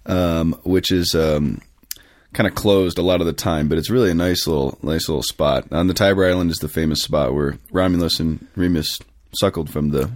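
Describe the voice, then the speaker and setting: Deep-voiced priest telling rambling stories. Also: male voice, fairly even intonation, normal speed, no echo. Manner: rambling storyteller, many fillers and self-corrections. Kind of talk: casual podcast chat.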